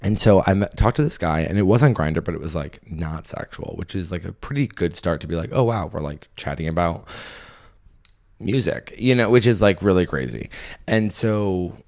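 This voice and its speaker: A young man hosting a comedy podcast, telling a rambling, self-deprecating story in an animated, casual way. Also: low-pitched, moderate pace. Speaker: podcast host and stand-up comedian.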